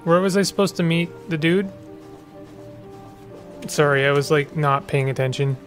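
A man's voice: on the high side, normal speed, soft background music. Playful man doing game commentary. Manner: playful, reacts and jokes while reading aloud. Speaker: gaming video creator. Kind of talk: let's play commentary.

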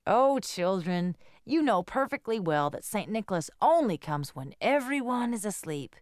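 A woman voicing a fond, patient old grandmother who chides children slowly and gently. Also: mid-range voice, big pitch swings, no echo, studio quality, natural voice. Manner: slow, gently chiding. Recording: guitar music behind.

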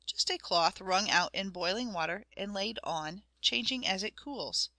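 Woman doing a calm, kindly vicar. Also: high voice, measured pace, no echo, exaggerated voice. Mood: reassuring. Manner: calm, reassuring.

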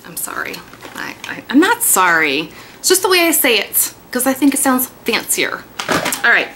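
Excitable 30s lady doing a haul vlog at home, bright voice, bit of faint noise behind. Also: fairly high pitch, moderate pace. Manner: chatty and excitable, gushing. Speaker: beauty vlogger. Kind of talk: casual haul video chat.

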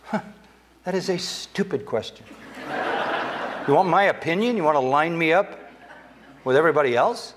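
A man's voice: on the high side, lively intonation, moderate pace, long pauses, background noise. Older man preaching an emphatic sermon. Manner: emphatic preaching, rising sharply when quoting Scripture. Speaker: pastor. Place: church sanctuary.

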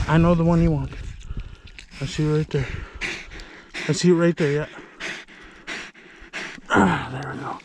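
Man with a slightly high voice, talking softly to a dog outdoors, light noise behind. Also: steady tone, moderate pace, long pauses. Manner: coaxing and soothing toward his dog. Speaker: vlogger. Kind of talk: casual talk while outdoors. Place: outdoors in the woods.

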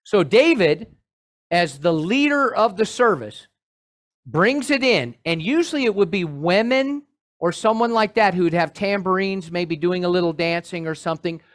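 A male pastor preaching a sermon in an animated way, with joking asides to his congregation. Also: high-pitched, moderate pace.

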